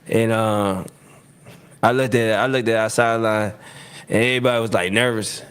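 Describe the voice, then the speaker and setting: A man telling football stories in a casual interview, acting out quotes loudly and laughing often. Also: on the low side, fairly even intonation, normal speed, clear, resonant tone. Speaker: retired football receiver, guest.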